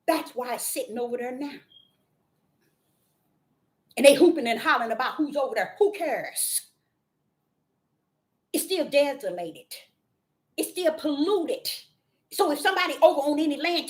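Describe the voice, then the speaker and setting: Fiery high-voiced woman preaching, scolding. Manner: scolding, swings from low mutters to shouted outbursts. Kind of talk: fiery street sermon.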